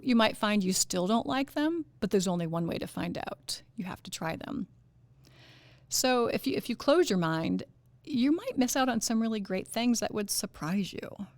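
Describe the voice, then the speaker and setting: A woman's voice: medium pitch, a little slow, no echo. A woman hosting a wellness podcast, talking casually and animatedly with fillers and laughs. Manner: chatty and animated, fillers and laughs, puts on goofy voices for quotes. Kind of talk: casual motivational talk.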